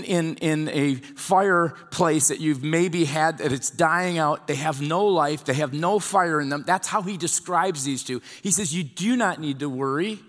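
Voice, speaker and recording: A man with a fairly high voice preaches a sermon, retelling an old scripture story in a loose, conversational way. His voice rings out with a long hall reverb, as in a church sanctuary. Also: a bit bright. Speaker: pastor.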